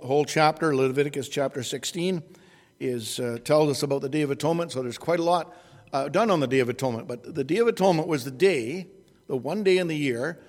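A man preaching an expository sermon at an unhurried pace, often restarting and correcting himself. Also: on the high side, darkish tone, big-room sound.

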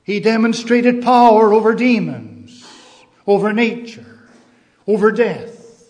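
A man preaching a sermon in a measured, emphatic way, repeating key phrases. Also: high voice, darkish tone.

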